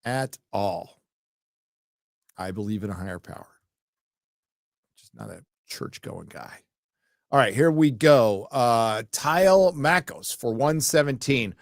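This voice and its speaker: A man's voice: medium pitch, animated, slow pace, long pauses, no echo. A man in the middle of his range chats loosely on a live stream, reading comments and breaking into profane, sarcastic rants. The sound is dry and close, with no room around it. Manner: profane, ranting, sarcastic asides. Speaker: livestream host reading viewer comments. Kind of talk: casual live-stream chat.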